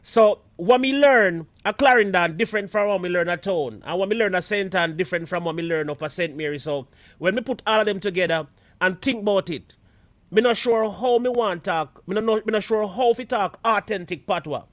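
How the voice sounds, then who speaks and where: A man's voice: sits high, a little fast, no room sound. A Jamaican man hosting a live stream show, chatting casually and mixing patois with standard English.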